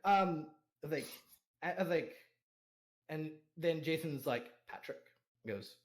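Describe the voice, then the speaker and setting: A man with a somewhat high voice talks through his turn in a tabletop role-play. He stumbles through fillers and restarts, laughing often as he narrates. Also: takes it slowly. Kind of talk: casual in-character narration with many fillers.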